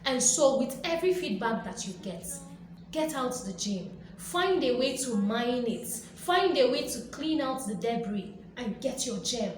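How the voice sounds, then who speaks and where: A woman's voice: fairly high pitch, animated, a little slow. A woman hosting a motivational talk, speaking emphatically and repetitively, with playful acted-out quotes. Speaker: motivational video host. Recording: very echoey room with faint background noise.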